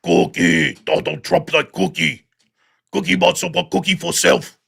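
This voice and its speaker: A man's voice: on the high side, unhurried, vocal fry, fairly bright tone, husky, full character voice. A man doing Cookie Monster, growly and greedy. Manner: broken caveman grammar, growly. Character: gruff cookie-obsessed male puppet monster.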